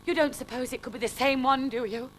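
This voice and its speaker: A woman playing a prim, anxious gentleman. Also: high voice, quick pace, slight background noise, voice pushed up, poor audio. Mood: fretful. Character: anxious, polite, fussy gentleman.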